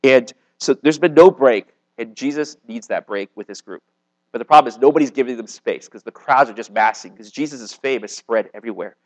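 A man's voice: medium pitch, a little fast, low-quality recording. A man, likely a youth pastor, preaching a casual sermon to a young live audience in a conversational way, with lots of "like" and "okay?". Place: meeting room with a live audience.

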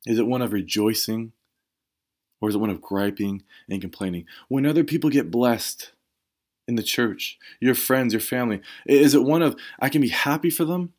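A male pastor preaching a sermon in a relaxed but emphatic way. He speaks to his listeners directly and casually, as if he were talking with friends. His voice sits at an ordinary middle pitch for a man. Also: moderate pace.

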